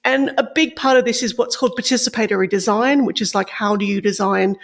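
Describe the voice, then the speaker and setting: An Australian woman talking in a loose, chatty way, thinking aloud as she explains a tech story. Her voice has a strong vocal fry running through it. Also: medium pitch, quick pace. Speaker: podcast co-host, tech reporter. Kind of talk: casual podcast chat.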